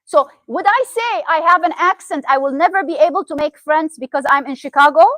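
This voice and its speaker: A Syrian therapist whose first language is Arabic gives a chatty, interactive motivational talk in a Syrian Arabic accent, often asking the audience questions. Her high voice is brisk and a bit bright, with no echo but low recording quality.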